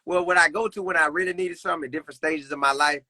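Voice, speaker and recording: A man's voice: a little high, fairly even intonation, rapid-fire, sharp tone, no room sound. A young man talking earnestly about faith as a podcast guest, repeating phrases in a preacherly way. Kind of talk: casual faith conversation.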